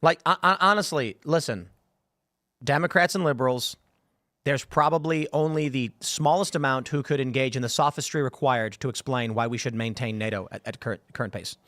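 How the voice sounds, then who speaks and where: A man in his thirties hosting a political podcast, animated and acting out the voices in his stories. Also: mid-range voice, a little fast, no echo, clean studio sound. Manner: animated storyteller, acts out quotes. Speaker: podcast host. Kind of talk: casual political chat. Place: studio.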